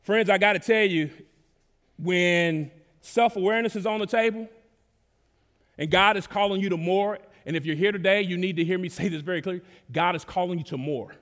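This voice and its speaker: A man from Dallas, preaching a sermon in a relaxed, conversational way, with casual slang and sudden rises in volume. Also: high-pitched, fairly quick. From Dallas, Texas. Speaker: pastor. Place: church sanctuary. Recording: long reverb of a large hall.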